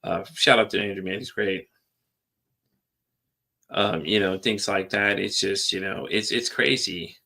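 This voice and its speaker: A man talks candidly as a podcast host. His voice sits low and gravelly, with a bright, forceful edge. He rambles, circles back on himself and swears casually. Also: steady tone, unhurried, pauses often. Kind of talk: candid personal monologue.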